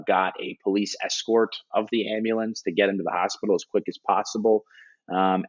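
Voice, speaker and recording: A hockey analyst in an interview, retelling a story earnestly and animatedly, with frequent restarts and filler words. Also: male voice, fairly low pitch. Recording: dull lo-fi audio.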